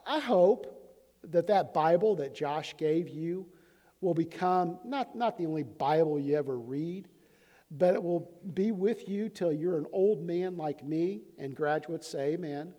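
High-voiced pastor in a reverberant hall. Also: male voice, warm tone. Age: 50s. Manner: conversational, stumbling restarts and repeated words. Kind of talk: sermon.

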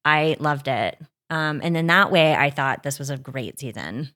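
A woman with a notably low voice chats casually as a podcast co-host. She talks with enthusiasm, sighing and umming as she goes. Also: animated, moderate pace, sharp tone. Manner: enthusiastic, chatty, frequent ums and sighs. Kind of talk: casual chat.

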